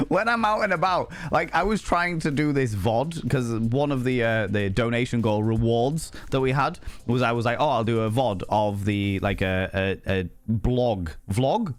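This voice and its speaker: A young man chatting casually on a live stream, animated and swearing freely, jumping high in pitch for emphasis.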